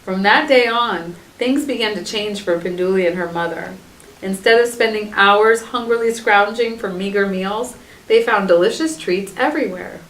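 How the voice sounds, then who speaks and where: A woman reads a children's story aloud with expressive delivery, then gives the students a short message. Her voice carries a roomy echo and sits away from the mic, like a school announcement. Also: mid-range voice, normal speed, a little hiss or hum. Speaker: school staff reading to students. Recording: echoey, distant school announcement.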